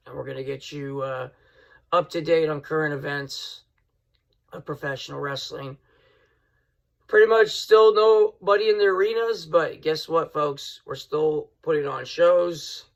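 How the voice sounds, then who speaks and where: A man hosting his own wrestling podcast, ranting heatedly and swinging from loud outbursts to low mutters. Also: creaky. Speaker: podcast host. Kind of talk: casual wrestling podcast rant.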